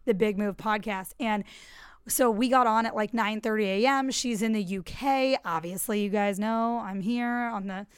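A young woman hosting a podcast in casual chat, bubbly and chatty, with quick asides. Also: medium pitch, smooth, dry recording, clean studio sound. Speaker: podcast host.

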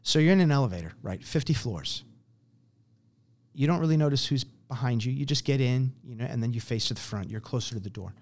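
A man of average pitch is being interviewed about the program he runs. He explains things earnestly and keeps acting out little scenes and quotes to make his point. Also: expressive, brisk, a little mellow. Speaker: program founder. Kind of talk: conversational interview.

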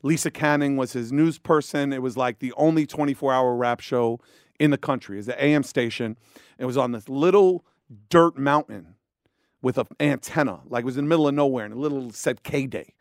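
A middle-aged man telling a story in casual chat, profane and animated. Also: mid-range voice, fairly quick, no room sound, studio quality. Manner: profane, animated, acts out voices.

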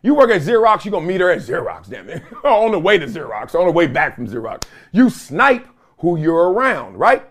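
Animated high-voiced man telling stories. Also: a little fast. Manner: animated storytelling with laughs and mimicked voices. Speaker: host. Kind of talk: comedic solo talk show monologue.

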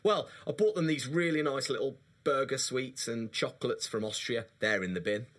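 A man in his thirties chats on his podcast with a bright, slightly husky voice. He is animated and jokey, quick to exaggerate and laugh. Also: mid-range voice. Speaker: podcast co-host. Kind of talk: casual chat.

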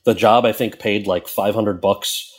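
A man as an interview guest, telling stories in a lively way and laughing often. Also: lowish voice, measured pace, husky. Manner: animated storyteller, laughs often. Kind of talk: casual interview chat.

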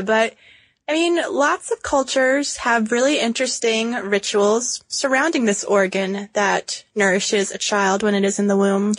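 A woman's voice: mid-range voice, no room sound. A woman co-hosting a podcast in casual chat, chatty and laughing, with many fillers. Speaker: podcast co-host.

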